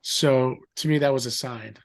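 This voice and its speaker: A middle-aged man telling a story in a rambling, animated way, acting out the voices of others. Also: mid-range voice, moderate pace, creaky. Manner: animated, acts out quoted voices; rambling with fillers and restarts. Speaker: guest. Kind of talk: casual storytelling.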